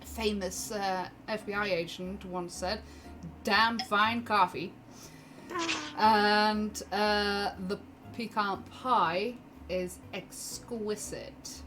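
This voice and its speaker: A woman narrating a tabletop game as game master, unhurried and full of fillers, laughing often. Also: medium pitch, fairly even intonation, music in the background. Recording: noisy background hiss.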